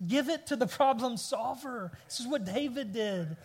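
A man's voice: very high-pitched, expressive, normal speed, breathy edge. Male pastor, 30s, sermon delivery, emphatic swells, long hall reverb. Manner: preaching with rising bursts of emphasis and storytelling asides.

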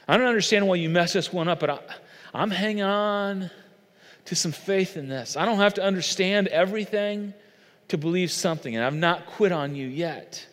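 A man's voice: sits high, normal speed, fairly bright tone, big-room sound, voice pushed up. A man voicing a grieving woman who is hurt but still faithful, pained and pleading.

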